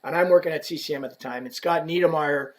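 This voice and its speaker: A man's voice: on the high side, quick pace. A man telling stories in a casual podcast chat, playful and acting out the people he quotes. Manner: playful, acts out quoted people with lively voice changes. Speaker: equipment company ambassador.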